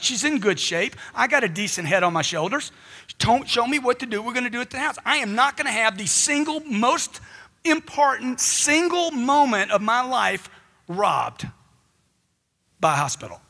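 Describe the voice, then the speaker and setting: A man with a high, husky voice delivers a motivational seminar talk into a handheld mic. He drives his points home emphatically and fires off rhetorical questions at the crowd. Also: sing-song, normal speed, sharp tone. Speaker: motivational speaker.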